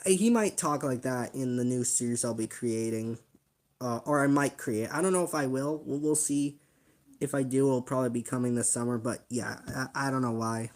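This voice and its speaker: A man's voice: mid-range voice, normal speed. Brief: male channel host, casual reaction commentary; rambling, self-deprecating, slangy. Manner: rambling, laughing at himself, slangy. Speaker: channel host reacting to his old video.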